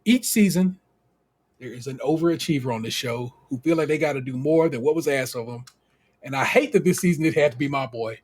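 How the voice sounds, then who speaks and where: A man from the United States co-hosting a podcast. He recaps a TV show in a casual, animated, slangy way and laughs often. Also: medium pitch, a little fast, husky. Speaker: podcast co-host.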